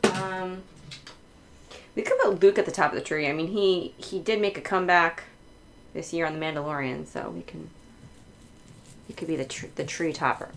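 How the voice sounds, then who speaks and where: Chatty stream host, woman, lower voice, laughs a lot, loose and unscripted. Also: normal speed, creaky, pauses often, a little hiss or hum, low-quality recording. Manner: chatty, laughs often, many fillers. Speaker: livestream host. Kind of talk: casual chat while decorating.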